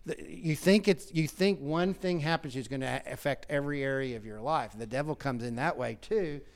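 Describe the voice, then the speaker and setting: A man's voice: mid-range voice, brisk. A man who is a pastor, talking in a casual teaching way, emphatic and heated at times, with frequent restarts.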